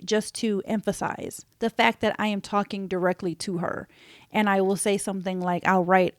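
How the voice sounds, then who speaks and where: A woman speaks gently and earnestly, as if confiding in her listeners. Her voice sits in a middle pitch range. It is recorded close and dry, with no room sound. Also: level tone, moderate pace, dry recording. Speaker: podcast host. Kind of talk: reflective personal talk.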